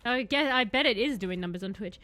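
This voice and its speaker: A woman's voice: fairly high pitch, lively intonation, a little fast, pushed and bright, dry recording. A young woman streaming a game, chatting sarcastically and wandering off on tangents. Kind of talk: casual gameplay commentary.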